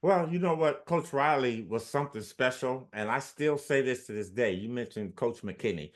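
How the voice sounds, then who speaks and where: A man's voice: mid-range voice, normal speed. A man in his sixties, a former athlete, telling stories in an interview and acting out the quotes of the people in them. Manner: animated storyteller, acts out quotes. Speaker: former basketball player, guest. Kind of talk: storytelling in an interview.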